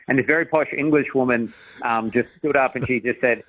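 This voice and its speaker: A man, a comedian telling funny stories as a radio guest, lively and laughing. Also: medium pitch, moderate pace, lo-fi sound. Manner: animated, storytelling, laughs a lot. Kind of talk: casual radio interview.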